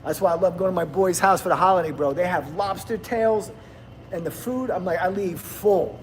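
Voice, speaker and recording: A man's voice: high voice, normal speed, a little hiss or hum. A man, rambling bluntly and laughing often in casual livestream chat with viewers. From New Jersey, USA. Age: 50s. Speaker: livestream host.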